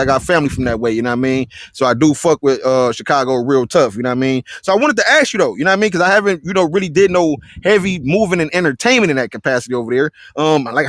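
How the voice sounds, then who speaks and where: La guy hosting a chill interview, talks fast and slangy, dry close sound. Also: on the high side, a bit bright, no room sound. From South Central Los Angeles. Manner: laid-back slangy talk, keeps asking "you feel what I'm saying". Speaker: interview host. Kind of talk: casual interview chat.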